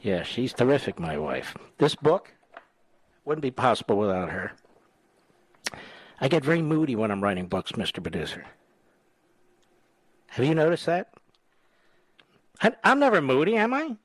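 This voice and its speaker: Lively joking radio host man. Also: medium pitch, moderate pace, long pauses, slightly rough, no room sound. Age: 60s. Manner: wisecracking, lively storyteller. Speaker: radio talk show host. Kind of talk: casual talk radio chat. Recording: dry studio sound.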